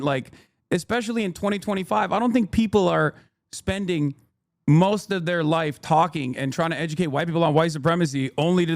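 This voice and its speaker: A man's voice: medium pitch, no echo, clean studio sound. Blunt, profane male streamer. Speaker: livestream host. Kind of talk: casual livestream commentary.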